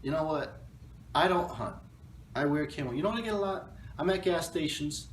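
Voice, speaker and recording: A man's voice: a little high, expressive, brisk. A man hosting a casual livestream talk show, joking and rambling and laughing often. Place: arts center room. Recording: echoey room, mic at a distance, faint noise.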